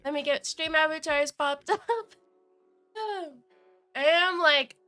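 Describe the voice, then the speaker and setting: A young woman streaming live, chatting casually to viewers, giggly and excitable, with a cold and chewing cough drops. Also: sits high, slow, soft background music. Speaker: VTuber streamer.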